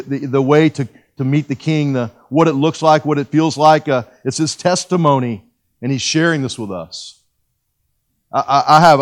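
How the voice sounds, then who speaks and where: A man in his fifties preaching a sermon and telling his personal testimony in a folksy, self-deprecating way, with frequent restarts. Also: mid-range voice. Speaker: pastor.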